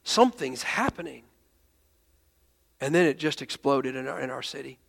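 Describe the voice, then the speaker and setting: A man's voice: mid-range voice, fairly even intonation, fast, vocal fry, long reverb tail. A male pastor telling a story in a sermon, emotional, often restarting his sentences and raising his voice when he quotes others.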